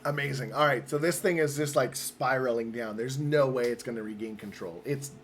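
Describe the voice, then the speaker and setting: A man's voice: medium pitch, brisk, a bit bright. Upbeat man running a tabletop game. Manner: upbeat, explains rules step by step. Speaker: game master.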